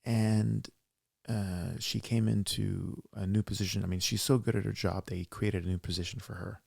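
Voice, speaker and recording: A man co-hosting a casual podcast who sees patients in his work. He tells stories in an emphatic, animated way. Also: on the low side, normal speed, creaky, dry recording, clean studio sound. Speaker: podcast co-host.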